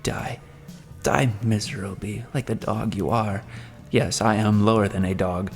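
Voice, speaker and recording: A man's voice: on the low side, fairly even intonation, a little slow, gravelly, soft background music. A man reading the part of a desperate, grief-stricken old father who pleads and rails at himself in an audiobook. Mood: despairing. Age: older. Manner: wailing, pleading, self-reproaching.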